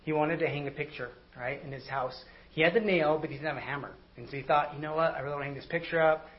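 Man, pastor, quick conversational sermon, keeps asking "right?", slightly dull audio. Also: fairly high pitch. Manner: animated storytelling with frequent "right?". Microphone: recorded online service audio.

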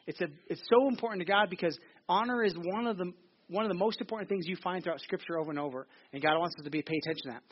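A man's voice: high-pitched, slight background noise. A man in his thirties preaching a sermon in a theater, joking and chatty, often restarting his sentences. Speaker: pastor. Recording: slightly dull lo-fi recording.

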